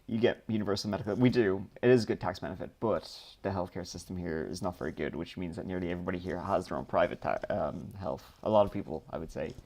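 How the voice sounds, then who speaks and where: An Irish man from Dublin chats through viewer questions on a live stream. His voice sits a little low, and he drifts through his answers with frequent ums and loose asides. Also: quick pace, few pauses, darkish tone. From Ireland. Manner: rambling, reads questions aloud then answers with many ums. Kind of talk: casual live-stream chat.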